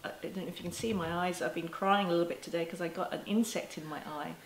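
A woman teaching parents to camera in a gentle, reassuring way, now and then with a soft laugh. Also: fairly low pitch, steady tone, quick pace, slight background noise. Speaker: parenting educator. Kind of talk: talking to camera. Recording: echoey room with faint ambience.

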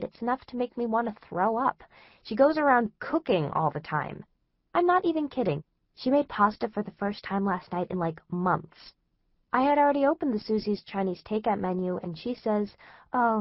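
A woman's voice: medium pitch, no room sound, muffled recording. A woman narrating a first-person teen diary in a chatty, anxious, exasperated way. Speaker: audiobook narrator.

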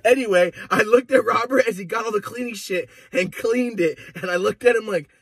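A young man vlogging from inside a car, telling profane, animated stories in casual chat. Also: high-pitched, brisk, gravelly, husky, no echo, clean studio sound.

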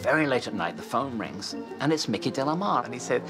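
A film editor telling a lively anecdote for a DVD commentary, laughing often and acting out the dialogue. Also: male voice, mid-range voice, fast talker, hardly any pauses, over music. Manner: animated storyteller, laughs often, acts out dialogue.

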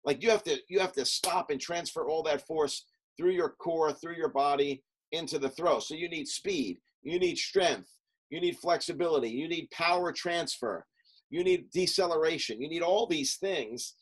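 Animated middle-aged man telling stories. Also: on the high side, breathy edge, low-quality recording. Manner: animated, talks in quick lists with many fillers. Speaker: podcast guest, coach and business founder. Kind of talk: casual storytelling interview.

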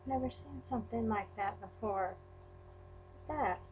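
A woman's voice: a little high, moderate pace, a little mellow, lo-fi sound, a little hiss or hum. A woman unboxing a crafting package in a vlog, gushing and exclaiming over each item. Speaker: crafting YouTuber. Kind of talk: unboxing a mail package on camera.

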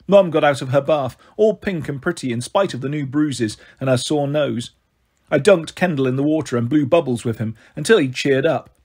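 A man reading a children's novel aloud in steady first-person narration. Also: mid-range voice, moderate pace, slightly rough. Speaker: storyteller.

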